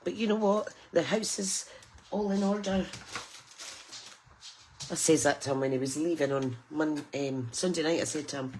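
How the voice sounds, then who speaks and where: A woman's voice: low voice, normal speed, pauses often, a little mellow, a little hiss or hum. A middle-aged woman from the UK, chatting and laughing with viewers while demonstrating card making on a live stream. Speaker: craft demonstrator. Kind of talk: chatty live craft tutorial.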